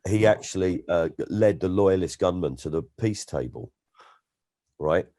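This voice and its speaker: A man, a comedian, chatting as an interview guest and telling stories in an animated way, often slipping into impressions. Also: deep voice, measured pace. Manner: animated storyteller, slips into impressions. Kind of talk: casual interview chat.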